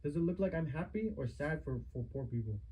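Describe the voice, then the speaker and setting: A husky-voiced man records himself on a phone while lecturing his mother in a heated family argument. His tone is dark and mellow, though his voice sits fairly high. He hammers the same points again and again with rhetorical questions. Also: animated, fairly quick, low-quality recording. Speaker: adult son confronting his mother.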